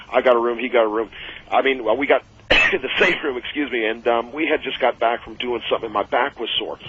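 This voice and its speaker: A middle-aged man, a former wrestler, telling rambling, chuckling stories as a guest on a radio show. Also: mid-range voice. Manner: rambling, chuckling storyteller with many fillers. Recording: dull lo-fi radio audio.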